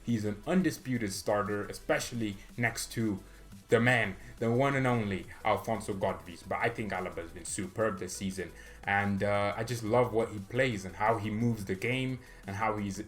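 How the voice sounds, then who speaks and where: A man hosting a fan channel, giving rambling, casual football commentary full of fillers. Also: lowish voice. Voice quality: rambling, chatty, filler-heavy.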